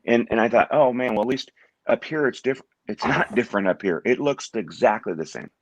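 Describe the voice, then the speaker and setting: A middle-aged man from Washington State, a guest in an interview, talking in a halting way and often repeating words as he restarts his sentences. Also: mid-range voice, dry recording. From Washington State, USA. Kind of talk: conversational interview.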